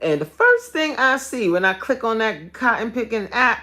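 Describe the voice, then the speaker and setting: Lively, loud woman coach. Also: on the high side, moderate pace. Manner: animated, loud, laughing, swearing freely. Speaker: fitness coach. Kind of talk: casual live-stream chat.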